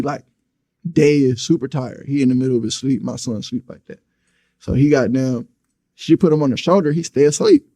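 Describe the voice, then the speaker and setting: A man's voice: medium pitch, dark tone. A young man telling a story in a blunt, profane, casual way, often acting out what people said. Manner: blunt, profane, recounting events with acted quotes. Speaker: storyteller in an interview clip.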